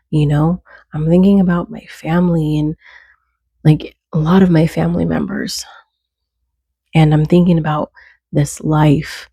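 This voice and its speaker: A woman's voice: low voice, vocal fry, dark tone, breathy edge, no echo. A woman giving earnest, conversational faith encouragement, stacking short repeated phrases. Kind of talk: casual faith talk to camera.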